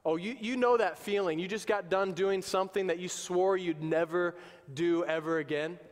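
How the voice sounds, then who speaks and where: High-voiced preaching man in a reverberant church. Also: steady tone, moderate pace. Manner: emphatic, conversational preaching. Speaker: pastor. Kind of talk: sermon. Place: church sanctuary. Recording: long reverb of a church hall.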